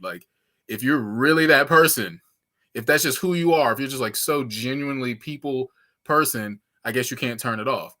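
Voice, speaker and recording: Bright-voiced man musing in casual chat. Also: medium pitch, brisk. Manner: thoughtful, loose, lots of fillers. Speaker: podcast co-host.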